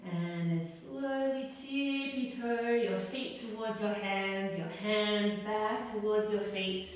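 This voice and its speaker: Slow, gentle woman guiding kids' yoga. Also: mid-range voice, fairly even intonation. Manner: gentle, encouraging step-by-step cues. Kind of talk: guided yoga class for children. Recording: echoey hall, voice from far off.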